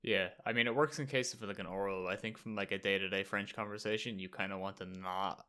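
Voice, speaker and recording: A man's voice: deep voice, steady tone, a little fast, pushed and bright, smooth. A young man from Ireland chatting casually as a podcast co-host, laid-back with short agreeing replies. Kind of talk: casual chat.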